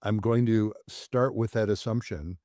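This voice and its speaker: A man, a psychologist, speaking as a guest in a thoughtful, measured way, with an occasional soft laugh. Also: fairly low pitch, steady tone, dry recording, studio quality. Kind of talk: conversational interview.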